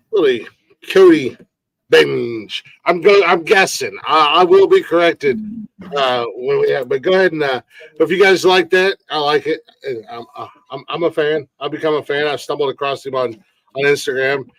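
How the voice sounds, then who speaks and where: A man's voice: fairly high pitch, normal speed, a bit bright, no echo, rough recording. A man hosting a casual comedy news stream. He swears freely and rambles with lots of fillers. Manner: profane, rambling with many fillers. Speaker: podcast host. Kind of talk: casual livestream chat. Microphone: desk mic on a live stream.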